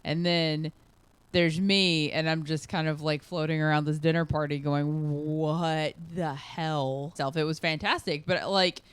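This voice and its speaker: A woman's voice: low voice, moderate pace, clean tone, no echo. A woman co-hosting a podcast, telling a story in casual chat and acting out the quotes. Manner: animated storytelling, acts out quotes. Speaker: podcast co-host.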